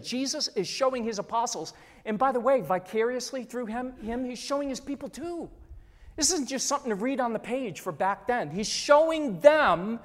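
Pastor preaching, repeats lines, loud-soft swings, long hall reverb. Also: medium pitch. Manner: animated, repeating phrases, surging and dropping volume. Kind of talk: sermon. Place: church hall.

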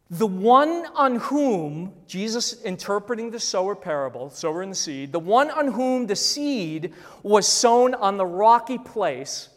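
Slow, emphatic preacher in a reverberant hall. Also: medium pitch. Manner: emphatic, repeats phrases, drops to a hush on key words. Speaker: pastor. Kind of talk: sermon.

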